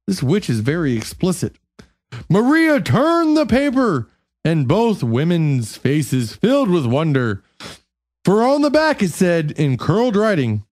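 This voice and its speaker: A host slowly reading a bedtime story aloud in a comic way, stumbling over words and making sarcastic asides. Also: mid-range voice, very animated, darkish tone, no echo, studio quality.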